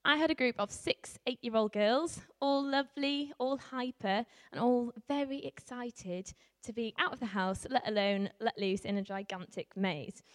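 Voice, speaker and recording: A woman from Yorkshire without a strong accent, telling a story to a live audience as a youth worker, animated, with laughs and many ums. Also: fairly high pitch, normal speed, few pauses. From Yorkshire, England. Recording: reverberant hall.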